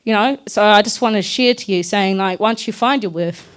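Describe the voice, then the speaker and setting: A woman's voice: medium pitch, moderate pace, clean tone. A young woman, telling her personal story at a community talk in a candid, earnest, loosely chatty way. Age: young adult.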